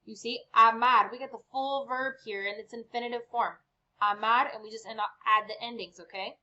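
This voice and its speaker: A woman's voice: a little high, steady tone, a little fast, pushed and bright, muffled recording. A woman teaching an online Spanish lesson at home, upbeat and chatty, checking in with "okay" often. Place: home with lawnmower outside.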